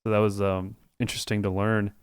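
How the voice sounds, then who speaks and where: A man with a lowish, smooth voice rambles casually through a story, piling on "like" and "you know" as he goes. He sounds dry and close to the mic, with no room around him. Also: flat delivery, fairly quick, dry recording. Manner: rambling, full of "like" and restarts. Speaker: podcast co-host. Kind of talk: casual chat.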